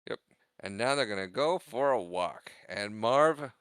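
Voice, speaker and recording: A man's voice: lowish voice, a little slow, smooth, no room sound. A young man co-hosting a podcast, retelling a movie scene in casual chat, acting out the characters' lines and laughing often. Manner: animated retelling, acts out quotes, laughs often. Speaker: podcast co-host.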